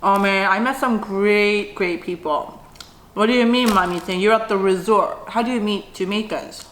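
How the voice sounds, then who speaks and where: A woman's voice: mid-range voice, normal speed, a bit bright, a little hiss or hum. A middle-aged woman vlogger chatting casually while she eats on camera, often humming "mm" between bites. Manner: chatty, frequent mm sounds while eating. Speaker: mukbang vlogger. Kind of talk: casual eating vlog chat. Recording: roomy echo.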